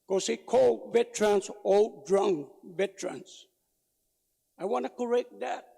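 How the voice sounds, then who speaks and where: Brief: man with testifying, very high gravelly voice, slow and loud, long hall reverb. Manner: loud, emphatic, indignant. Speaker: public testifier at a legislative hearing. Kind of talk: public testimony. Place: legislative hearing room. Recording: reverberant hearing room.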